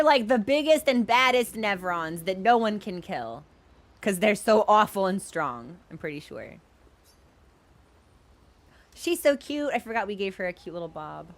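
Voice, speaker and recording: A woman's voice: on the high side, fairly bright tone. A young woman streaming a video game, chatting in a playful, giggly, rambling way. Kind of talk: casual gaming stream chat.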